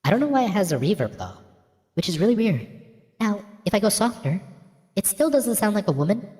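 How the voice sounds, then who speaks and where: A man trying out a voice changer with added reverb, pushing his voice higher like a dude doing a girl. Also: sing-song, a little fast, a little mellow. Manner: playful, testing a voice effect. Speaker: streamer.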